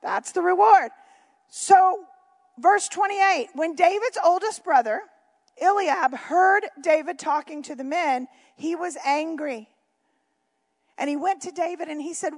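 A woman's voice: extremely high pitch, measured pace. A woman preaching a sermon, reading Bible verses and breaking off for chatty, joking asides to the congregation.

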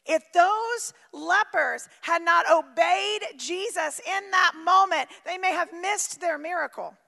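A woman preaching a sermon with emphatic swings from shouting to near-quiet. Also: very high voice, slow pace, creaky, in a large hall.

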